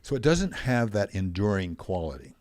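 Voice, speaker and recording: Older man, very deep voice, podcast guest, animated storytelling, swelling emphasis. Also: normal speed. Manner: animated storyteller, rising and falling in loudness. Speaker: podcast guest, wealth coach.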